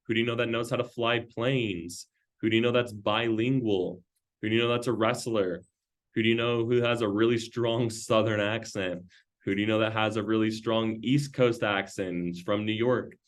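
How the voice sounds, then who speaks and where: Man, lowish voice, sales team trainer, rapid questions, casual talk. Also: steady tone. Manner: rapid-fire string of questions, loose and conversational.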